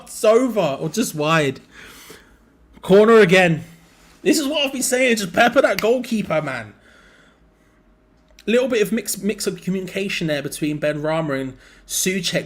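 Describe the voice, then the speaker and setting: A young man hosting a live football watch-along, mixing quick play-by-play with rambling chat and sudden excited outbursts. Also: fairly high pitch. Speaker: fan channel co-host.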